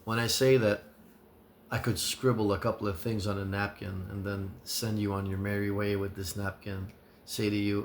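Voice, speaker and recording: A man giving an earnest advice monologue as a recovery vlogger, sincere and measured, listing his points with pauses. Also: fairly low pitch, little pitch movement, a little hiss or hum.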